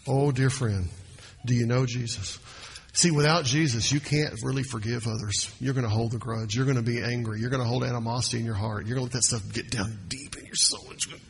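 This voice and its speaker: A man preaching a sermon as pastor, swinging his pitch and loudness and slowing down to stress points. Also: steady tone, gravelly, slight background noise.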